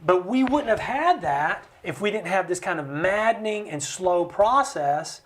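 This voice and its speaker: Animated man explaining with passion. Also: high-pitched, measured pace. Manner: animated, acts out quoted voices, jokey asides. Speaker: guest. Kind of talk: impassioned conversational explanation. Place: recording studio.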